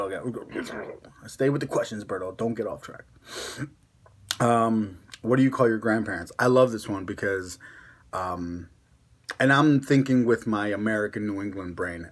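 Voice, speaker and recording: This is a young man with a Connecticut accent, talking casually and at length on a vlog. His voice sits low and has a husky, slightly breathy edge. He rambles and teases himself as he goes. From born in Mexico, raised in Connecticut. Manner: rambling, chatty, laughs at himself. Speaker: ASMR vlogger. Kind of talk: casual chat.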